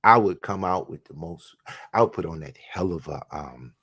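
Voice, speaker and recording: A show host rants crudely and profanely, mocking as he goes and alternating between yelling and muttering. His voice sits low and is slightly rough, at a moderate pace.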